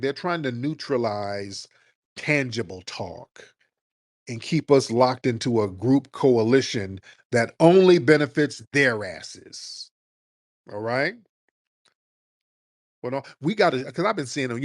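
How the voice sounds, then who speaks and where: A man's voice: medium pitch, animated, slow, no echo, clean studio sound. Blunt, combative male show host. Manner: blunt, combative, slangy, repeats "see". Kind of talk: political commentary on a live call-in stream.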